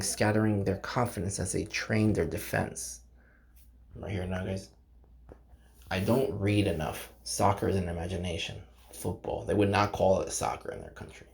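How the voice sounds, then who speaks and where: A man's voice: low-pitched, steady tone, moderate pace, creaky, a little hiss or hum. A man casually reading a novel aloud to his viewers, stumbling over names and breaking off to chat with them. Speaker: channel host reading a game novel aloud. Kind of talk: casual read-aloud with commentary.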